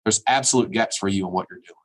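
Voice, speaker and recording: A man's voice: fairly low pitch, fast. A man giving a motivational keynote by remote video call, preachy and emphatic, repeating his phrases. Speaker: keynote speaker.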